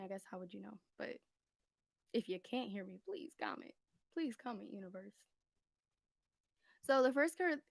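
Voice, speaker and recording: A woman's voice: medium pitch, no room sound. A woman doing a casual live-stream tarot reading from home, a little out of breath, rambling and laughing as she checks whether viewers can hear her. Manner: rambling, chatty, laughs often, keeps asking if heard. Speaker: livestream tarot reader. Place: home room, indoors. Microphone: phone.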